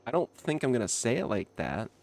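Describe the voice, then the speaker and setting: A man's voice: medium pitch, very animated, a little fast, gravelly, a little mellow. A young man chatting casually with his livestream chat while gaming, laughing often and reacting to comments. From not from Kentucky. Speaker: streamer.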